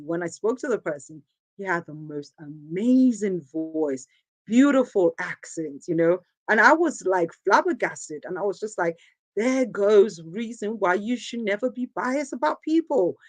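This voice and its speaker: A woman's voice: mid-range voice, dry recording. A woman from Nigeria hosting a show, giving an earnest, emphatic motivational talk and repeating phrases for stress. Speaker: host.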